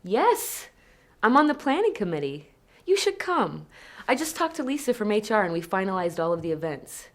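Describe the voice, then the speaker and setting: A woman's voice: mid-range voice, big pitch swings, moderate pace, natural voice. A woman acting in a scripted learner dialogue as a chatty office worker who laughs easily. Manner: upbeat, chatty, laughs often. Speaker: office worker in a lesson video.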